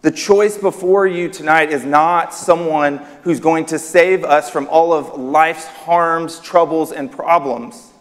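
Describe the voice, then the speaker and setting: A man preaching a sermon, his voice sitting a little high for a man and lifting on the words he stresses. The emphatic delivery rings out with a long reverb that fills the church hall around him. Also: fairly even intonation, slow, hardly any pauses. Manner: emphatic, rising on key words.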